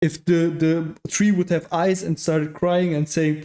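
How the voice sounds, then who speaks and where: Probing man interviewer, mellow voice. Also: a little high, little pitch movement, a little slow. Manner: probing, challenging, repeats words. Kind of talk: casual debate.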